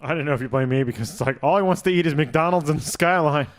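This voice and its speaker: A man's voice: fairly high pitch, fast talker. A man co-hosting a podcast, chatting casually and joking with frequent laughs. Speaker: podcast co-host. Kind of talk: casual chat.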